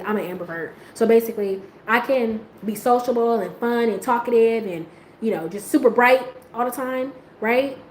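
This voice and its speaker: A woman talking casually, rambling in slang, laughing often and jumping into high squeals when she quotes herself. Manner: slang-heavy, rambling, trailing off quietly. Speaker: host. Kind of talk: casual chat. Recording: echoey room with faint ambient noise.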